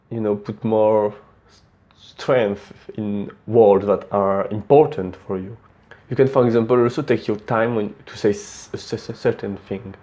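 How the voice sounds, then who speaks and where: A young man with a French accent talks through tips for public speaking in a relaxed, plain way. His voice sits fairly low and sounds dark and mellow. He often catches himself and restarts a word. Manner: relaxed and plain-spoken, frequent small restarts. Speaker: presenter giving speaking tips. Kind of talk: casual instructional talk.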